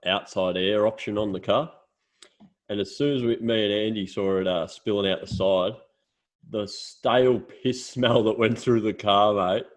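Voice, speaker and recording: Low-voiced Australian bloke telling stories. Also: male voice. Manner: storytelling, swears freely, laughs while telling. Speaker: podcast co-host. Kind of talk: casual chat.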